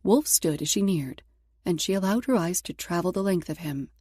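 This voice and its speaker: A woman reads a romance audiobook as scripted narration, keeping her delivery steady and even at a moderate pace. Her lowish voice is mellow, warm, and slightly rough. It is recorded close and dry, without any room sound.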